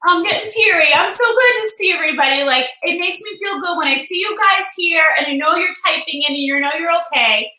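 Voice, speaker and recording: A woman's voice: very high-pitched, brisk, hardly any pauses, pushed and bright. A woman hosting a casual live stream, chatty and emotional, greeting viewers by name. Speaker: livestream host. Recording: echoey room.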